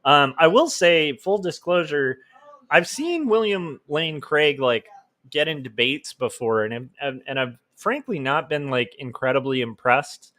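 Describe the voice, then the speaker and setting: A man's voice: on the high side, expressive, a little slow, a bit bright. A man in his forties hosting his own livestream from home, chatting casually with lots of fillers and restarts and poking fun at himself. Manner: rambling and self-deprecating, many fillers and restarts.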